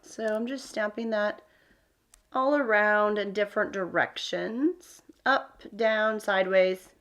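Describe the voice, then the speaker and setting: Woman chatting thru a card making demo, lots of ums, middle pitch voice. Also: takes it slowly, fairly bright tone. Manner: chatty, thinking aloud with fillers. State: hiccups. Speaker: card-making tutorial host. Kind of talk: casual crafting demonstration.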